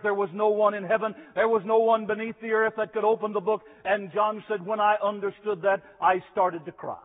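A middle-aged man preaching a sermon in a chapel, with a rhythmic, repetitive cadence. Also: high-pitched. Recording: phone-like archival chapel recording with long reverb.

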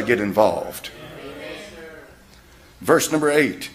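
A man's voice: mid-range voice, big pitch swings, normal speed, long pauses. A man preaching a sermon in a church, firing rhetorical questions at his congregation. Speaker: pastor.

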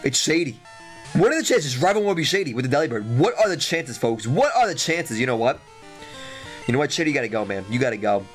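A young man giving excitable, trash-talking game commentary as a let's play host, repeating his lines. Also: medium pitch, quick pace, soft background music.

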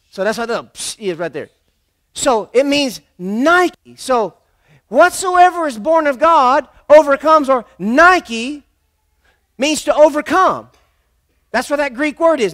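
Very high-voiced emphatic man preaching. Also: fairly bright tone. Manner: emphatic, repetitive, calls on the congregation to respond. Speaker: pastor. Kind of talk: sermon. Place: church.

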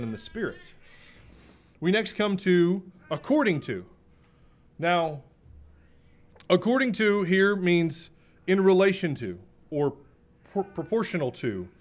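A man preaching a sermon. He is emphatic, repeats key phrases, slows down to stress his main points and clears his throat now and then. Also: on the high side.

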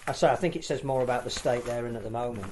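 A man co-hosting a casual sport discussion podcast, measured and thoughtful. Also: mid-range voice, noisy background. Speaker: podcast co-host.

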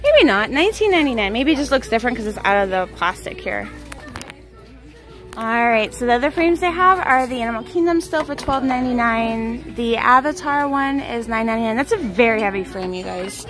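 A woman's voice: fairly high pitch, expressive, poor audio. A young woman on a casual shopping vlog, chatting and rattling off prices, filmed on a handheld camera in a large store. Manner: chatty, reads out prices quickly. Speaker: vlogger. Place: large store with loud music. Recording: loud store music behind.

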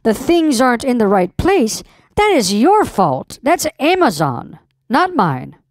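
Scherpe, eisende vrouw aan de telefoon. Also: female voice, fairly high pitch, very animated, unhurried, dry recording, studio quality. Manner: confrontational, demanding, swears. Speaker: scam baiter posing as a customer. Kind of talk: prank phone call.

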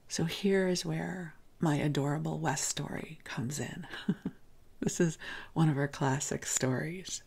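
A woman tells a bedtime story in a hushed, gentle way that often drops into a whisper. Her voice sits low and gravelly. There is a husky edge to it. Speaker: podcast host. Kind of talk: soft-spoken bedtime storytelling.

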